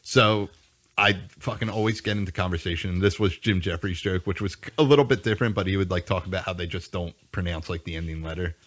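A man's voice: low voice, quick pace. A young man chatting casually as a podcast co-host, telling stories in a laid-back, profane way. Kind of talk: casual chat.

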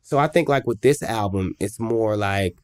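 A man, a musician guest telling a story in a lively, animated way and acting out other people's voices. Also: lowish voice, normal speed, clear, resonant tone, dry recording, studio quality. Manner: animated, acts out voices in stories. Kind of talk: conversational storytelling.

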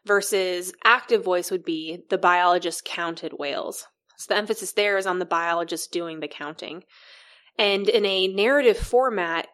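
A woman co-hosting a podcast, explaining writing step by step with examples in a relaxed, conversational way. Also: mid-range voice. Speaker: podcast co-host.

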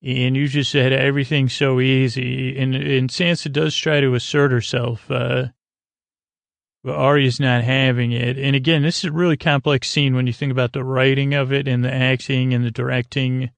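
A man's voice: medium pitch, flat delivery, normal speed, vocal fry, dry recording. A man hosting a podcast, rambling through a casual episode recap with lots of fillers and loose paraphrasing. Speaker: podcast host.

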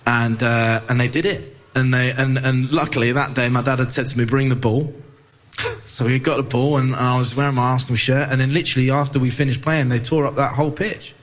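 A man with a London accent, a guest on a football chat show, telling a lively anecdote and laughing along as he goes. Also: medium pitch, fast. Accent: London English. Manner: animated storyteller, laughs while telling. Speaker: podcast guest. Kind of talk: casual chat.

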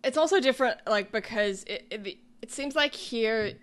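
A woman's voice: on the high side, expressive, normal speed. Australian woman, podcast co-host, casual dry delivery. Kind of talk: casual chat.

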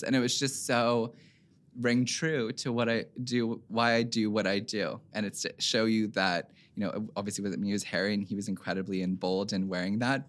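A young man, a fashion designer guest on a podcast, telling a moving story with lots of fillers and fighting back tears. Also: fairly low pitch. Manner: gushing, filler-heavy, near tears. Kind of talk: emotional conversational storytelling.

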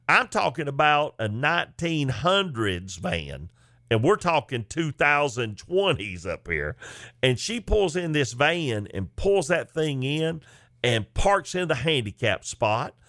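A man's voice: medium pitch, big pitch swings, unhurried, sharp tone, no room sound, clean studio sound. A man, a comedian telling a funny story in a folksy, chatty way. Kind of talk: comic storytelling.

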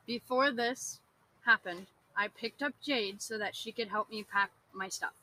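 A woman's voice: on the high side, measured pace, sharp tone, a little hiss or hum. A young woman on a casual podcast, telling a heated story with lots of "like" and restarts. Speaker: podcast guest, host's girlfriend.

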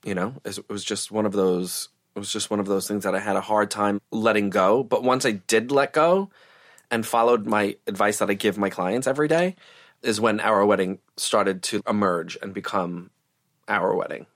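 A man's voice: fairly low pitch, normal speed. A man talking casually as an interview guest, a wedding planner who fills his speech with "like" and "you know". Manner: chatty, heavy use of "like" and "you know".

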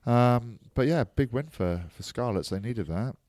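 A man co-hosting a sports podcast, chatting casually with jokey banter and relaxed rugby analysis. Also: mid-range voice, a little slow, no room sound, clean studio sound. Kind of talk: casual chat.

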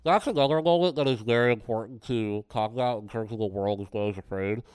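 A man co-hosting a podcast, talking about a film in a loose, animated way with many fillers. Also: mid-range voice, fast talker, clear, resonant tone, no echo. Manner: animated, loose, says "like" a lot. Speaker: podcast co-host. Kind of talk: casual film discussion.

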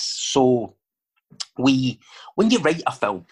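Rambling Scottish man, husky voice. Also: medium pitch, normal speed, a bit bright. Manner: rambling, lots of fillers and digressions. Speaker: actor and filmmaker guest. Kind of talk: casual chat.

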